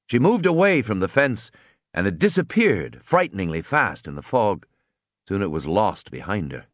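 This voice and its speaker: A man narrating an audiobook in a dramatic, expressive way. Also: on the low side, no room sound, studio quality.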